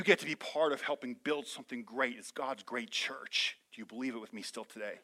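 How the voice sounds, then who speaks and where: A male pastor preaching a sermon to his church, swinging between loud fervent passages and soft, joking, conversational asides. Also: mid-range voice, a little fast, hardly any pauses.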